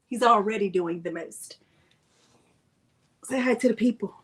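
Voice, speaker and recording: A woman's voice: medium pitch, measured pace, husky. A woman hosting a casual crafting livestream, chatty and playful, greeting her viewers by name.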